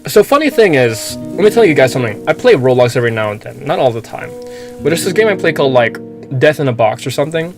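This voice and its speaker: A man from the Philippines talks with an American-sounding accent, pitched right in the middle for his sex. He rambles through casual game commentary and swears freely as he goes. Faint music plays quietly behind him. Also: very animated, fast talker. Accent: American-sounding English. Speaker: streamer playing a game. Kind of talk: casual let's-play commentary.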